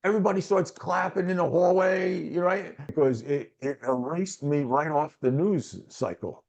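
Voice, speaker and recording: A man's voice: on the high side, moderate pace, gravelly. A middle-aged man, a guest telling a long personal story in casual chat and acting out what others said. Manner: animated, acts out other people's lines, chuckles often.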